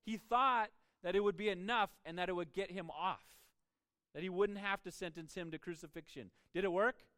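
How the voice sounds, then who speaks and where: A man's voice: high voice, normal speed, pushed and bright, no echo, clean studio sound. A man preaching a sermon as a pastor, emphatic and prone to stumbling over repeated words as he starts each point.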